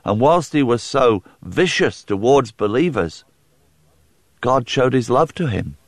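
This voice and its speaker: A man's voice: medium pitch, no room sound. A man preaching a sermon, earnest and pleading as he appeals to the listener.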